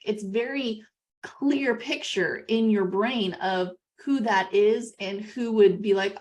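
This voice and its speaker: A woman's voice: a little high, a little slow. A woman hosting a podcast who talks conversationally and tags her points with "you know" and "right?". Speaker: podcast host.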